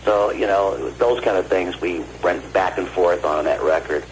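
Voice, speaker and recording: Older male guest on a phone line, deep voice, animated storyteller. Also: moderate pace. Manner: animated, acts out quoted dialogue. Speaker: guest vocalist and producer. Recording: phone call with faint noise.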